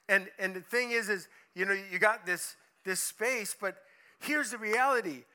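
A man preaching a sermon in an animated storytelling manner, asking his listeners questions and acting out voices along the way. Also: sits high, clean tone.

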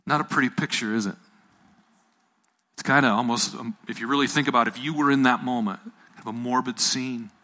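A man delivering a sermon to a room full of listeners. He retells the story in his own words, repeats key phrases and throws questions out to the crowd. His voice is bright and forceful, at an ordinary middle pitch. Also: steady tone, brisk. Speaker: preacher. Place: room with a live audience.

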